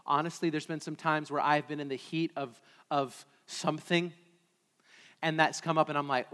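A man preaching a sermon as pastor in a church, moving from quiet prayer to loud, emphatic preaching. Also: fairly high pitch, steady tone, moderate pace. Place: church sanctuary. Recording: long hall reverb.

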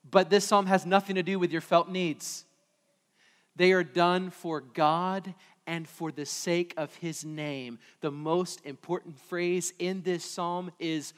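A man preaching a sermon as pastor in a church, moving from quiet prayer to loud, emphatic preaching. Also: sits high. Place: church sanctuary. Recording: long hall reverb.

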